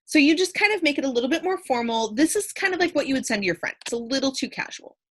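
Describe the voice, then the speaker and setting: A young woman teacher talking through a casual video lesson, chatty, with frequent fillers and lively jumps in voice when she reads out example phrases. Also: high-pitched, fast talker.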